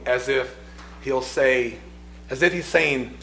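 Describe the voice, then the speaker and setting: A man's voice: medium pitch, unhurried, vocal fry, long pauses, a bit bright, reverberant. A man preaching a sermon, reflective and repeating his phrases, rising with emphasis on key points.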